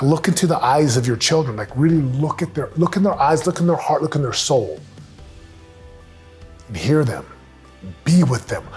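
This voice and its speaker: Middle-aged man, slightly high voice, emphatic motivational speaker, faint music bed. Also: a little mellow. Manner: earnest, emphatic, with acted-out quotes. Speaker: speaker giving family advice. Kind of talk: motivational talk.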